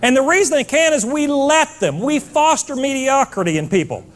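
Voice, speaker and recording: A man's voice: extremely high pitch, animated, normal speed. A man giving a blunt, fired-up motivational keynote to a live audience, scolding and hammering points with repetition.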